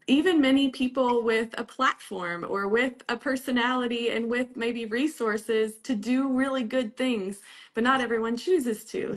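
A woman's voice: on the high side, a bit bright. A woman interviewing a guest on a live video call, asking questions in a friendly, encouraging way. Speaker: interviewer, dementia care educator. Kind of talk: Instagram live conversation.

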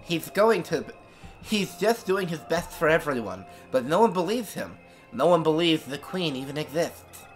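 A man's voice: a little high, very animated, measured pace, sharp tone, faint music behind, exaggerated voice. A man voicing a lisping earnest little girl. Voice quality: lisp. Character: young girl searching for her grandpa.

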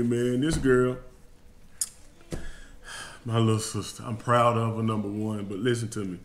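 A man of average pitch hosts a casual food-tasting vlog, folksy and openly emotional as he talks straight to his viewers. The sound is roomy, with a faint hum of noise behind him in a home kitchen. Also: fairly even intonation, a little slow, pauses often. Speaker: fishing channel host.

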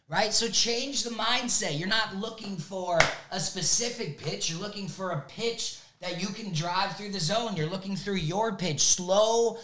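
A man who coaches youth sports, giving an energetic motivational talk and checking in with "right?" again and again. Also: sits high, measured pace, noisy background. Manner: energetic, repeats "right?" often.

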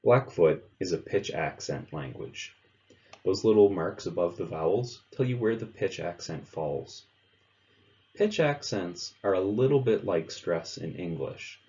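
A man narrating a pronunciation lesson, explaining sounds in a clear, measured way. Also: sits low, darkish tone, lo-fi sound. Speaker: language teacher. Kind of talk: instructional narration.

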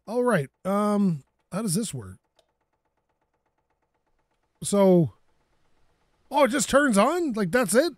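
A man giving casual gameplay commentary at home, excitable, laughing, swearing and talking to objects in the game. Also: high-pitched, measured pace, pauses often, dry recording. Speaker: gaming YouTuber.

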